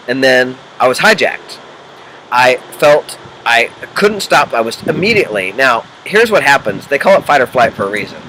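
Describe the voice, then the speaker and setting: A man's voice: mid-range voice, pushed and bright, a little hiss or hum, low-quality recording. A man from the Midwest coaching the viewer in a casual unedited video, checking in with the viewer and acting out voices in his examples. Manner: acts out quoted voices and inner chatter. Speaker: executive life coach.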